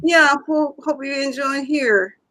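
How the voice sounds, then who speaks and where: A woman's voice: high-pitched, measured pace, pushed and bright, low-quality recording. A woman co-hosting a casual livestream with her son, teasing and laughing often, with phrasing. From Japan. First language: Japanese. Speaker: co-host, the host's mother.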